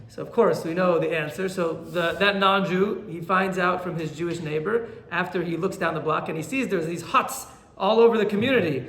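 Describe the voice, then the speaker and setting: High, gravelly-voiced rabbi teaching, echoey room. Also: male voice, moderate pace, hardly any pauses. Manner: animated storyteller, acts out quoted characters. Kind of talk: Torah class lecture.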